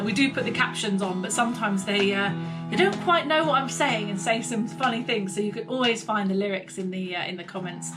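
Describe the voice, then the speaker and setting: A woman leading a vocal warm-up lesson, gently encouraging and often saying "lovely.". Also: medium pitch. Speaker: singing teacher. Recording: guitar music behind the voice.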